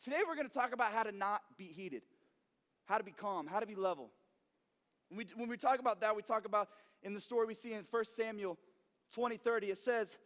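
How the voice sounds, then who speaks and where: A young man preaching to a youth group, lively and animated, who acts out every character in his story. His voice sits very high for a man. It rings with a long reverb from a large hall. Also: a little fast. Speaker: youth pastor.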